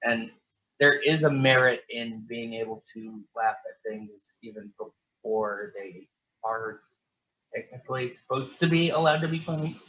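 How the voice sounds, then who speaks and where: A man's voice: mid-range voice, measured pace, bright, forceful tone. A man co-hosting a podcast in casual chat, telling stories with lots of swearing and laughter. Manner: profane, laughing storyteller. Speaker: podcast co-host. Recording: dull lo-fi sound.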